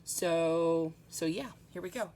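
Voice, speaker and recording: A rambling, chatty woman with a somewhat low voice talks her way through a home tutorial, full of ums. A faint hum of background noise sits under her. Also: takes it slowly, mellow. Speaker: nail art tutorial host. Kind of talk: casual tutorial chat.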